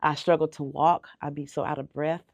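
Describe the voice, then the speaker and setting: A woman's voice: sits low, level tone, normal speed, creaky, a little mellow, no room sound, muffled recording. A middle-aged woman, a bakery owner, telling her story in a radio interview, earnest and heartfelt, sometimes repeating words when moved. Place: radio studio. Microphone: radio studio microphone.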